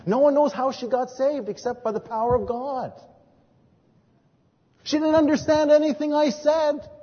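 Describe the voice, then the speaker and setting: A man preaching as a pastor, telling stories from his ministry and moving between hushed and emphatic delivery. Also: extremely high pitch, slightly rough. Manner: storytelling, swings from hushed to emphatic. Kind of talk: sermon with personal testimony. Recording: dull recording in a reverberant hall.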